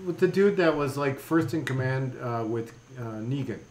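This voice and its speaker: A man co-hosting a podcast, talking slowly in laughing, tipsy banter. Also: medium pitch, lively intonation, a little mellow, a little hiss or hum. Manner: laughing, slow, drawn-out banter. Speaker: podcast co-host. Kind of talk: casual chat. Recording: echoey room with crowd behind.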